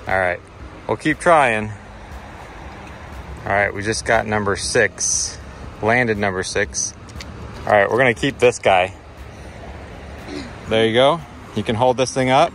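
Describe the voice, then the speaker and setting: A man's voice: mid-range voice, a bit bright, slight background noise. A middle-aged man filming a casual outdoor vlog by a river, cheerfully coaching a child through fishing, recorded on a handheld camera. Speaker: vlogger. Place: outdoors by a river in cold weather.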